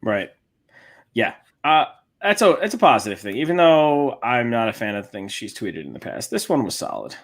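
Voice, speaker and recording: A man co-hosting a podcast, chatting casually and slipping in dry, sarcastic jabs. His voice sits at an ordinary middle pitch and his delivery stays conversational. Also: sing-song, normal speed. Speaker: podcast co-host. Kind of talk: casual chat.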